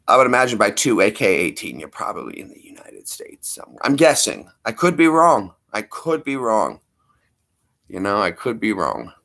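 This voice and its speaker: A man's voice: fairly low pitch, sing-song, moderate pace, long pauses, fairly bright tone. A man chatting casually on his live stream, rambling and repeating himself as he greets viewers.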